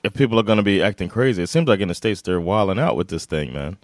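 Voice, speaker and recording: A man's voice: deep voice, lively intonation, fast, no echo, clean studio sound. A man co-hosting a podcast in casual chat, joking and laughing a lot, blunt in his opinions. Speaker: podcast co-host.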